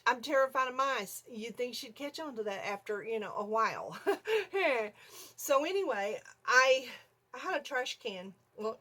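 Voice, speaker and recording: An older woman vlogger telling a story in a casual, animated way from her home video room, often checking in with "okay?". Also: medium pitch, husky.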